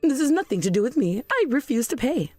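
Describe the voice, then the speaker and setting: A woman plays a proud, self-righteous mother in a text-message story drama, pitched a little high with a lively, swooping delivery. She sounds sharp and defensive, in a dry close recording with faint music behind. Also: fast talker, dry recording. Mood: outraged.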